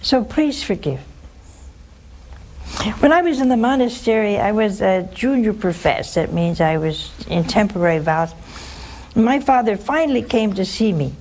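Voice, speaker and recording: A woman's voice: mid-range voice, expressive, normal speed, a little mellow. An older woman, a nun, giving a spiritual talk with personal stories, plain-spoken and speaking straight to her listeners. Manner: plain-spoken, storytelling, addresses listeners directly.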